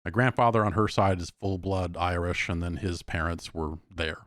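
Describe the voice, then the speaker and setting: A man with a low voice hosting a podcast in casual chat. He rambles and restarts often, talking over a video call. The sound is dry and close. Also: normal speed, a bit bright, no echo. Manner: rambling, hesitant, many restarts. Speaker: podcast host.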